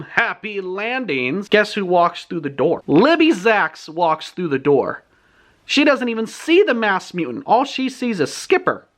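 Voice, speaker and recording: A man recapping a story in casual, animated, indignant storytelling. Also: high-pitched. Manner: animated, indignant, laughs often. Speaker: book reviewer.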